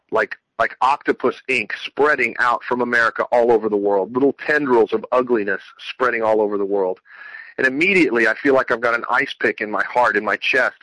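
Guy w a bright voice telling his faith story, rambly and earnest, dry close sound. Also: mid-range voice, no room sound, poor audio. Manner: earnest, rambling, many restarts. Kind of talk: personal religious testimony.

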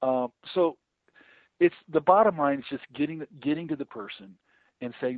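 A man's voice: medium pitch, animated, brisk, dry recording. Earnest evangelist man on a tinny line. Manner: earnest, repeats words often, acts out quoted conversations. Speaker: evangelist guest. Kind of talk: casual interview talk about evangelism. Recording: tinny phone-line sound, dry.

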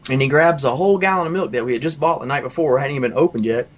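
A man's voice: mid-range voice, very fast, lo-fi sound. A man telling a personal testimony in a casual, rambling way, full of asides and fillers. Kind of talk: casual storytelling.

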